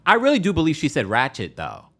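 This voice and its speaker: A man's voice: fairly high pitch, huge pitch swings, fast, fairly bright tone. A man hosting a live reality-TV recap in a casual, chatty way, often laughing and repeating himself. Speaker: recap show host.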